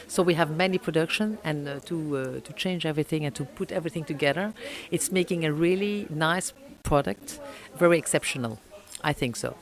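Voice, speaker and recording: French-accented woman, halting answers. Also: low-pitched. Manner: halting, many fillers, searches for English words. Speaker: oyster company owner. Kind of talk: interview answers.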